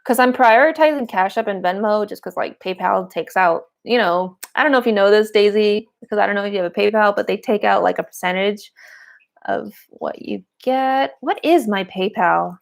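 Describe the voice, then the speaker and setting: A woman's voice: medium pitch, fairly quick, creaky, hardly any pauses. A woman giving a live-streamed tarot and oracle card reading, chatty and giggly, with a lot of "like" fillers.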